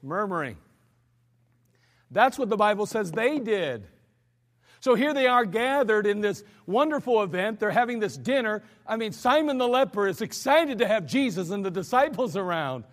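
A man preaching a sermon to his congregation, telling stories in a loose, conversational way with animated acted quotes, recorded in a church sanctuary. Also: high voice, normal speed. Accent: American. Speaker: pastor. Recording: church hall reverb.

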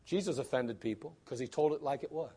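A man's voice: medium pitch, quick pace, dark tone, breathy edge. A man preaching a sermon in a blunt, emphatic way, full of rhetorical questions.

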